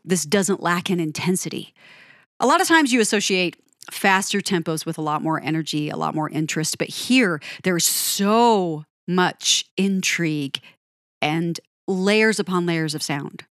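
A woman hosting a music commentary, gushing about a song, animated and quick to correct herself. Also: fairly low pitch, dry recording, studio quality. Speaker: music podcast host. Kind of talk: enthusiastic song breakdown.

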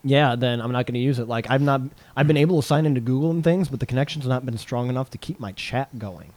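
Man, casual chat, loud, animated, swears, mid pitch, dry close sound. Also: fast talker, no echo.

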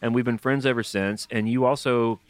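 A man's voice: medium pitch, fairly even intonation, moderate pace, dry recording, faint music behind. A man hosting a podcast in casual, rambling chat, full of fillers and jokes. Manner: rambling, filler-heavy and jokey. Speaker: podcast host.

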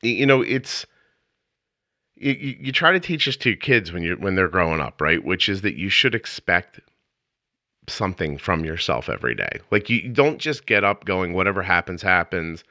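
A man's voice: deep voice, big pitch swings, moderate pace, pushed and bright, no room sound. A middle-aged man hosting a podcast interview, chatty and enthusiastic, with rambling asides. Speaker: podcast host. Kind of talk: casual interview chat. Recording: dull lo-fi dry sound.

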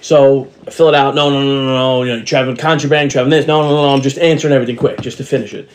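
A man's voice: medium pitch, steady tone, rapid-fire, a little hiss or hum. A middle-aged man co-hosting a casual podcast, telling rambling stories and acting out the voices of people he met. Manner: rambling storyteller, acts out quoted voices. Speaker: podcast co-host. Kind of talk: casual chat.

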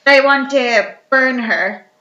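A woman's voice: high voice, slow pace, bright, forceful tone, full character voice. A woman voicing a bossy male casino owner barking orders, in a casual retelling. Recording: roomy, dull lo-fi recording.

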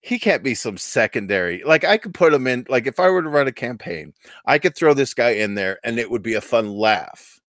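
A man's voice: mid-range voice, expressive, a little fast, fairly bright tone, dry recording, clean studio sound. A man in his thirties co-hosting a podcast, chatting playfully and rambling with goofy asides. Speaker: podcast co-host. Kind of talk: casual chat.

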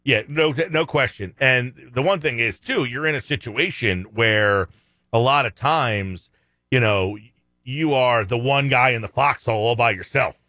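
A man's voice: mid-range voice, a little slow, no echo. A man co-hosting a sports radio show, giving firm opinions in casual talk. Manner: opinionated, lively, reads out listener texts.

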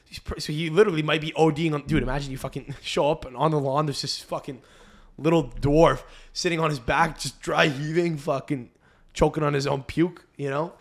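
A man's voice: fairly high pitch, fairly even intonation, a little fast. A young man hosting a casual podcast from home, rambling and swearing a lot, laughing often between tangents. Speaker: podcast host. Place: home, family upstairs.

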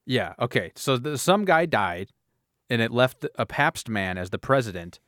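A man's voice: medium pitch, lively intonation, normal speed, fairly bright tone, no echo, clean studio sound. A man hosting a casual comedic podcast. He rambles through a story, fumbling his words and laughing at himself. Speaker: podcast host.

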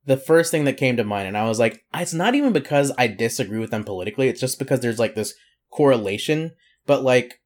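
Animated young man rambling casually. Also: medium pitch, fast. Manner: rambling, lots of "like" fillers, laughs often. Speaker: podcast co-host. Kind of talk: casual comedic chat.

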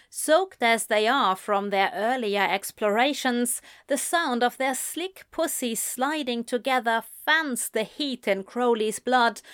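A woman reading erotic fiction aloud in a slow, breathy, intimate way. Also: fairly high pitch, fairly bright tone, no echo, clean studio sound. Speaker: narrator.

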